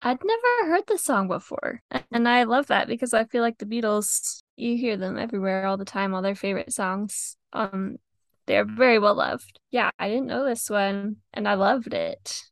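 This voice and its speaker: Giggly young woman, gravelly close voice. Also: mid-range voice, moderate pace, no room sound. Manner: chatty, giggly, lots of "like". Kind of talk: casual chat reviewing songs.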